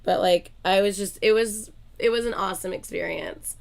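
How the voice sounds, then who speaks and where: A woman hosting her own channel, chatting casually to viewers in a gushing, excitable way and swearing often. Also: medium pitch, moderate pace, gravelly. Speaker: reaction channel host.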